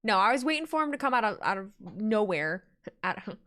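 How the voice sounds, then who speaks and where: A woman's voice: mid-range voice, sing-song, fairly quick, bright, forceful tone. Chatty woman streamer, laughs often. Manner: chatty, laughs often, reads chat aloud. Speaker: streamer reacting to wrestling. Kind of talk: casual live-stream chat.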